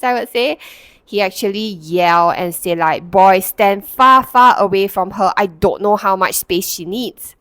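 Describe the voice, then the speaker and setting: A woman's voice: medium pitch, dry recording. A woman, a counsellor and Reiki practitioner, telling a personal story to the camera in a reflective way, with many fillers and restarts.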